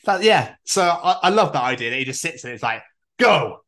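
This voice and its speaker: A man co-hosts a loose, jokey podcast chat. His voice is bright and his pitch swings widely as he swears and laughs his way through stories. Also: lively intonation, quick pace. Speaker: podcast co-host. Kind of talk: casual chat.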